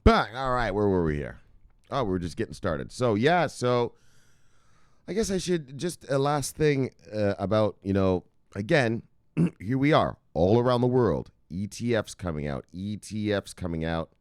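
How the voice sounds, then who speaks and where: A deep-voiced man hosts an informal crypto news show from his computer. His voice rises and falls a lot as he riffs and swears. The recording is dry and close, with no room sound. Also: sing-song, normal speed, clean tone, no room sound. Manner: loose, profane and chatty, laughs often. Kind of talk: casual news commentary.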